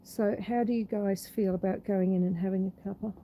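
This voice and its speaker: A woman's voice: medium pitch, steady tone, a little fast, muffled recording, slight background noise. A woman chatting to her viewers on a homestead vlog as she walks from the cold outdoors into her house, cooing at her pets along the way. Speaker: homestead vlogger. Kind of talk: casual walk-and-talk vlog. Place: outdoors in freezing fog, then indoors in a house.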